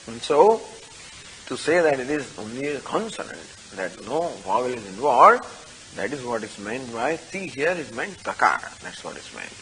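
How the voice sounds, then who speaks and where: An older man teaching a scriptural study class, explaining slowly with many fillers and reciting Sanskrit. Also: on the high side, sharp tone, husky, poor audio. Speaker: Vedanta teacher.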